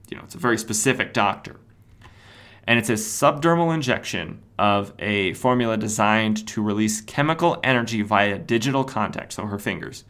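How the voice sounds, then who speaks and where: Male podcast host, low voice, rambling casual comic recap, lots of ums. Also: a bit bright. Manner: rambling, self-correcting, many fillers.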